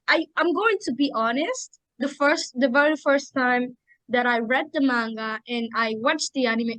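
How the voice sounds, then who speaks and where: A woman's voice: on the high side, fairly bright tone, no room sound, low-quality recording. A young woman chatting on a podcast as an emotional fan who keeps acting out quotes. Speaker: podcast co-host or guest. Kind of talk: casual chat.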